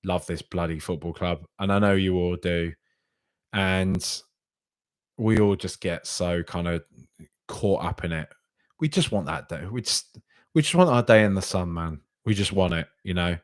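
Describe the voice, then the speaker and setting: A man's voice: low voice, moderate pace, no echo. A man hosting a casual fan podcast, reading out listener comments and rambling as he replies. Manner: rambling, repeats himself, chatty with fans. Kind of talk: casual live-stream chat.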